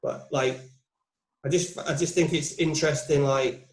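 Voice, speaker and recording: A man's voice: a little high, steady tone, measured pace. A man in his forties, a putting coach being interviewed, talking casually and reflectively, thinking aloud with frequent restarts. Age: 40s. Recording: roomy, echoey sound.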